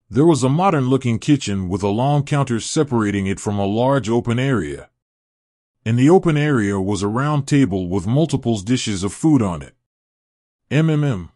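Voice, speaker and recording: A man reading fan fiction aloud in a steady storytelling manner. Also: mid-range voice, no room sound, clean studio sound. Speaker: narrator.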